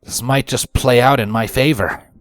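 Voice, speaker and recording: A man reading a fan story aloud, narrating in the first person in a quiet, brooding way. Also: medium pitch, moderate pace, no echo, faint music behind. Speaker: fanfiction reader.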